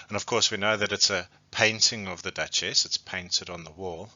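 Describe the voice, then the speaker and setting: A man's voice: fairly low pitch, sharp tone, no echo, highs cut off. A man, an English teacher giving a recorded poetry lesson, who explains patiently and often restates points.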